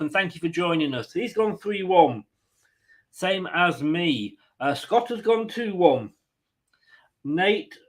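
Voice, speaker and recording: The voice sits high with a fairly bright tone, heard on a rough recording. It belongs to an English man hosting a football watchalong livestream, casually chatting, joking and reading out viewers' comments while greeting them by name.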